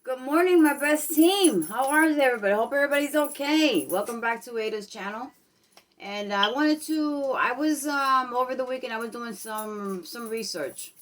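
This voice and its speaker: A woman's voice: on the high side, normal speed, a bit bright, distant mic. A woman from New York with a New York accent, vlogging in a chatty way and tagging her sentences with "okay?" and "guys". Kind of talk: casual vlog monologue.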